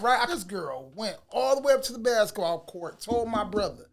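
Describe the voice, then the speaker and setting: A man telling a personal story in a casual, slangy way, swinging from low mutters to loud bursts. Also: expressive, moderate pace, creaky, a crowd in the background. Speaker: vlogger.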